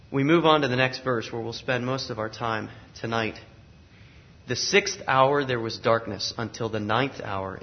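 A man preaching in an earnest, steady voice of middle pitch, stacking repeated phrases to build weight. The recording sounds a little dull and muffled. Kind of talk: sermon.

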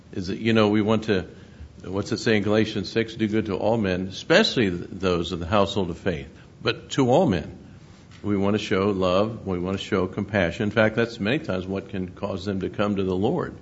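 A man preaching a sermon, halting and repeating words, then reading scripture and stories aloud more loudly. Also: low-pitched, a little hiss or hum. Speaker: pastor. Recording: dull lo-fi recording.

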